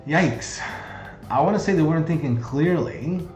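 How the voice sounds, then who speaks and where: A man's voice: a little high, lively intonation, normal speed, darkish tone. Chatty male game streamer, roomy sound. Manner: chatty, jokey, reads game text aloud. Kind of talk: casual game commentary, reading dialogue aloud. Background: faint game music.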